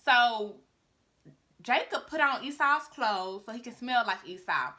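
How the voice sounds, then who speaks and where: A woman vlogger retelling a Bible story in casual, chatty talk aimed at her viewers. Her voice sits high and sounds bright. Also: expressive, unhurried.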